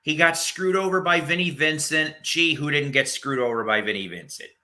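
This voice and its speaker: A man's voice: on the high side, moderate pace, sharp tone. A man hosting a casual chat show, rambling enthusiastically about old records and bands and swearing now and then. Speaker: host.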